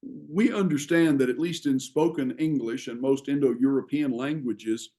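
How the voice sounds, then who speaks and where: A man teaching a class on writing, explaining ideas in a measured way with frequent pauses. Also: medium pitch, warm tone. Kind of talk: classroom lecture.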